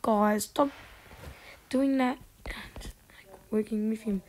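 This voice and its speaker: A woman hosting a gaming channel, giving casual gameplay commentary with excitable, frustrated outbursts. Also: fairly high pitch, slow pace.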